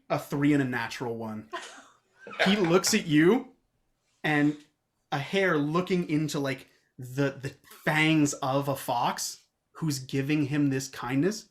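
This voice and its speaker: A woman running a tabletop game as game master, narrating in an animated way and laughing often. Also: low-pitched.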